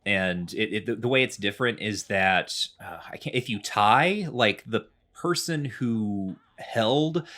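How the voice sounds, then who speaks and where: A man's voice: fairly low pitch, measured pace, hardly any pauses, sharp tone. A man in casual podcast chat, rambling through a game recap with lots of fillers. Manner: rambling, many fillers, chatty explaining. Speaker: podcast co-host.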